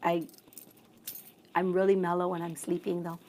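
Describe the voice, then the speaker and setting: A woman, a radio emcee, telling a story as a guest in a bubbly, excitable way, acting out the voices of the people in it. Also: lowish voice, normal speed. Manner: bubbly, excitable, acts out quotes. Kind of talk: animated storytelling in conversation.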